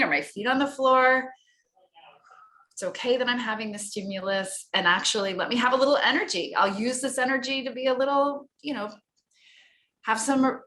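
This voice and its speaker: A woman speaking coach talking casually on a video call, animated and playful, acting out people's nervous inner voices. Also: a little hiss or hum. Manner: animated, acts out inner voices with big pitch jumps.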